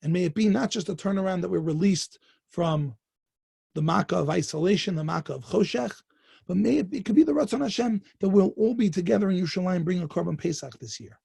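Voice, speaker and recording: A man's voice: high-pitched, lively intonation, fast, gravelly, mellow, slightly rough, no echo. A man, a rabbi, giving a Torah lesson, telling the story and building to fervent emphasis.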